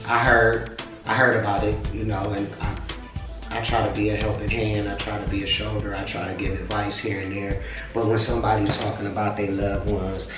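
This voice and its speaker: A man's voice: on the low side, level tone, moderate pace, heavy reverb, recorded from a distance, over music. A man chatting casually with his partner, laid-back and comforting, using street slang and swearing freely. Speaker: co-host, rapper. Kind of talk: casual chat.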